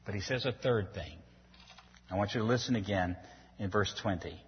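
A pastor preaches a sermon in a husky, lowish voice at normal speed, pausing often. He is earnest and pleading, building to emphatic peaks as he makes his points, recorded with dull lo-fi sound in a long-echo hall.

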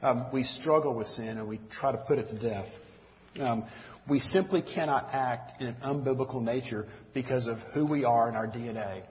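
A man's voice: medium pitch, moderate pace. Southern man preaching in an echoey hall. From Mississippi, US. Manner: folksy, earnest, addresses listeners as y'all. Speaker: church teacher. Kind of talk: conversational sermon. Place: church room with audience. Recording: dull lo-fi recording in echoey hall.

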